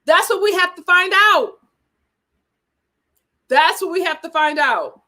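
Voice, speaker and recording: A woman's voice: very high voice, measured pace, bright, forceful tone. Chatty woman hosting a live stream. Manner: chatty, emphatic, repeats phrases, reads viewer comments aloud. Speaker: host of a reality TV chat stream. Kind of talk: casual live-stream chat.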